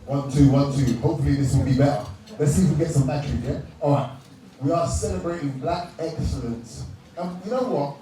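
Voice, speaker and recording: A British man hosting an awards night who jokes with the audience, laughs often and shouts out to the room. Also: on the high side, brisk. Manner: joking, laughing, shouting out to the crowd. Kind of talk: live crowd-work emcee banter. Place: large indoor event hall with a live crowd. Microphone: handheld microphone. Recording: echoey hall, distant mic, crowd noise.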